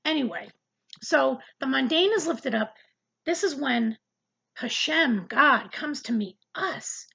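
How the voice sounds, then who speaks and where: Speaking slowly in a high, expressive voice that is gravelly yet bright, this woman delivers a forceful but casual and earnest Bible lesson to the camera. The recording quality is low, and she frequently repeats words as she hunts for what to say next.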